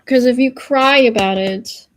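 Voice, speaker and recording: Earnest woman streamer, higher voice. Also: a little slow, dry recording. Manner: earnest and reassuring, rambling and searching for words. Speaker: livestreamer. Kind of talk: casual livestream pep talk.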